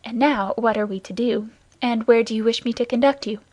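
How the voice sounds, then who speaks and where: A woman's voice: on the high side, fairly even intonation, brisk, darkish tone, no echo, close to an everyday voice. Brave young guardsman in an audiobook, read by a woman: earnest, gallant, commanding, dry recording.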